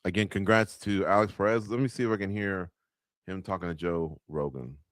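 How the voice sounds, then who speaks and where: In a deep voice at a fairly quick clip, a radio show host leads a live fight-night watch-along. He chats loosely through the action, addressing viewers directly and using many filler words, in a studio-quality recording free of room sound.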